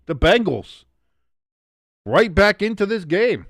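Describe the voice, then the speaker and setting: Young man, live game commentary, lively pitch swings, dry close sound, casual swearing. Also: normal speed, no echo. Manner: excitable, swears casually, reads chat aloud. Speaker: watch-along streamer.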